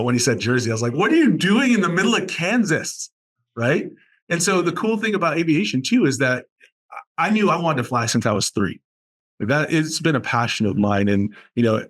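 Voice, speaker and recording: Man, from Boston, podcast guest, enthusiastic, animated storyteller, mid-pitched voice. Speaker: aviation program director at a college. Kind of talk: podcast interview conversation.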